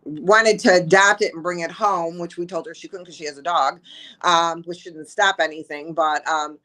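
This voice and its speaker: A woman's voice: fairly low pitch, steady tone, normal speed. Emotional woman telling a shelter story. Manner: warm-hearted, emotional storytelling. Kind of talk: casual interview chat.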